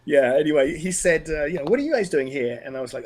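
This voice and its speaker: A middle-aged man with an Australian accent recounts a personal story in an interview. His voice sits slightly high, and he speaks earnestly and with animation. He often restarts his sentences. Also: lively intonation, fast, a little mellow. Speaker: podcast guest.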